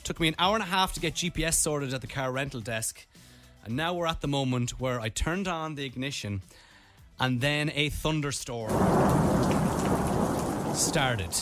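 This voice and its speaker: A young Irish man, a radio host, telling a comic story in an animated way. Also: medium pitch, moderate pace, music in the background. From Ireland.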